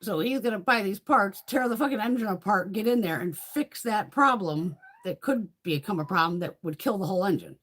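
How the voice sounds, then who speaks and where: A woman's voice: medium pitch, fairly quick, hardly any pauses. A woman hosting a live beauty stream, chatting casually, swearing constantly and laughing often. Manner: swears constantly, blunt and animated; laughs often while talking. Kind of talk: casual chat during a live room tour.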